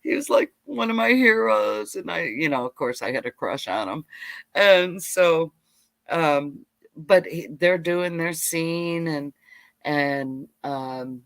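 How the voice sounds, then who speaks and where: A middle-aged woman hosting a live homestead stream, telling childhood stories in a rambling, animated way. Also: deep voice, takes it slowly, no room sound. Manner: rambling, animated, side-tracked. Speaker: homestead channel host. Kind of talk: casual live storytelling. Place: home livestream.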